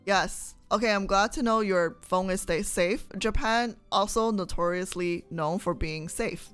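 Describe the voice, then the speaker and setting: A woman's voice: medium pitch, unhurried, hardly any pauses, smooth, faint music behind. Chatty young woman streamer, laughing often. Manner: chatty, laughs often, asks viewers questions. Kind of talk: casual chat reading viewer comments.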